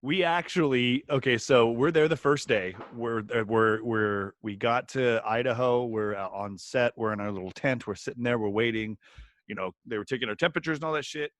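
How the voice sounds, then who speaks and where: A man co-hosting a podcast, telling stories in a halting, rambling way with lots of restarts. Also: mid-range voice, fairly bright tone, no room sound. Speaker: podcast co-host. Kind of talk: casual comedic chat.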